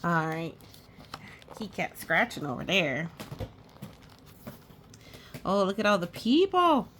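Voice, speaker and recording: Animated woman reading a picture book. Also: on the low side, takes it slowly, slight background noise. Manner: animated, exclaiming, pointing out pictures. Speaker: storytime reader.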